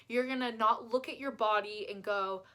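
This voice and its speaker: A woman's voice: fairly high pitch, steady tone, normal speed, bright, forceful tone. A woman life coach giving self-help tips in an upbeat, chatty, self-deprecating way. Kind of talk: casual self-help vlog.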